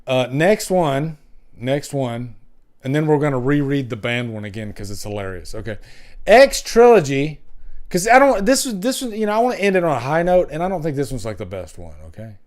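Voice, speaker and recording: A man's voice: on the high side, very animated, fast. A man hosting a casual livestream, rambling and chuckling often as he reads out jokes. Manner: wanders between loud and hushed. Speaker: livestream host. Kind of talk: casual live chat.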